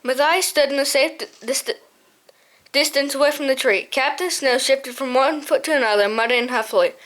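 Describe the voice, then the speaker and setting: A woman's voice: sits high, normal speed, a bit bright. A woman reading a children's novel aloud as an audiobook narrator, often stumbling and restarting words. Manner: hesitant, frequent slips and restarts.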